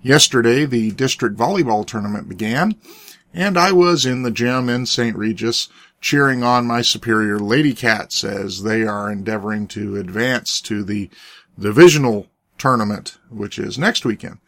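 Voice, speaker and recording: Raspy-voiced man hosting a podcast. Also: mid-range voice, moderate pace, a bit bright, no echo, studio quality. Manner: folksy, earnest, with frequent restarts. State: hoarse from cheering. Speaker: podcast host and preacher. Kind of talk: casual chat.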